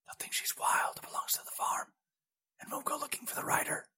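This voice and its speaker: A man's voice: low-pitched, normal speed, slightly rough. A man voicing a tense male spy who talks in a hiss or a whisper, in an audiobook reading. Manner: whispering, hissed. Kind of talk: audiobook character voice.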